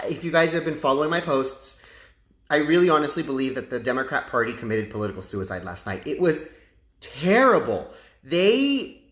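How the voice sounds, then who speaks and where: A man's voice: a little high, reverberant. Chatty man live-streaming from his phone. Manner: chatty, animated, rambling asides. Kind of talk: casual live-stream political commentary. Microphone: phone front-facing camera.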